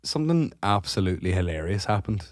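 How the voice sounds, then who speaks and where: A lowish-voiced man, chatting casually as a podcast co-host. He gets animated and swears his way through a funny story. The recording is dry and close, with no room sound. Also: quick pace, no echo. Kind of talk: casual chat.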